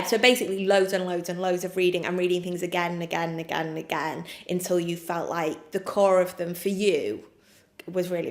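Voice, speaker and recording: English woman writer, candid interview, lowish voice, roomy echo. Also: fairly bright tone. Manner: chatty, frank, with many fillers and laughs. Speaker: playwright. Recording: echoey room.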